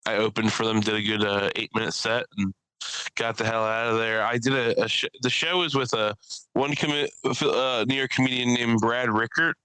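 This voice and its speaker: A young stand-up comedian hosting a podcast rambles casually through funny stories, swearing freely and acting out people in loud bursts. His medium-pitched voice is clean and steady at a normal speed. There's no room sound, though the recording is rough.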